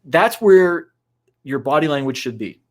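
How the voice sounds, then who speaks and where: A man's voice: fairly high pitch, lively intonation, unhurried. Man giving advice on a podcast. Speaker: co-host. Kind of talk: casual podcast discussion.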